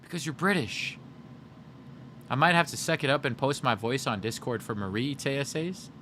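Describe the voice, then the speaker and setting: A man's voice: mid-range voice, expressive, fairly quick, bright, forceful tone, a little hiss or hum. A male game streamer in casual livestream chat, joking and chatty as he reads chat aloud.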